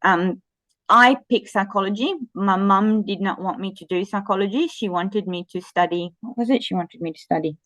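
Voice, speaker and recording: A woman in her forties from the Philippines, a guest in a casual interview, telling animated stories that often restart mid-sentence. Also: medium pitch, moderate pace, no room sound. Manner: animated storytelling with frequent restarts.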